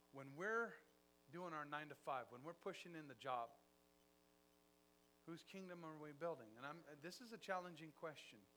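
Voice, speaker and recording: A man preaching a sermon, telling a story with acted-out dialogue and big swings in loudness. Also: fairly high pitch, a little hiss or hum.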